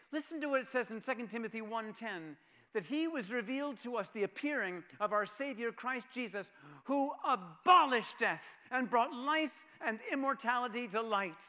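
High, bright-voiced man preaching a sermon. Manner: dramatic swings from loud proclamation to hushed near-whisper; repeats phrases for emphasis and asks the audience questions.

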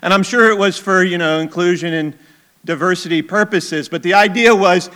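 Guy preaching a sermon, kinda high voice, chatty asides then goes quiet and intense. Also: moderate pace, clear, resonant tone. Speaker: pastor.

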